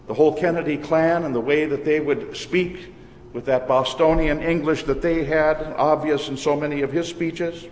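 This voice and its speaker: A man with a Minnesotan accent, a pastor preaching a sermon in a measured, deliberate cadence. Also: on the high side, steady tone, a little mellow, slight background noise. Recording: echoey church hall with long reverb.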